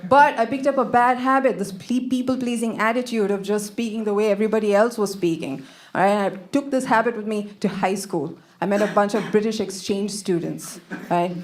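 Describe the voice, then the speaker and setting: A woman raised in Kenya and India doing a stand-up comedy set on a club stage, telling stories in a quick, self-mocking way and acting out the lines of people she quotes. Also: mid-range voice. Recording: live club recording with background noise.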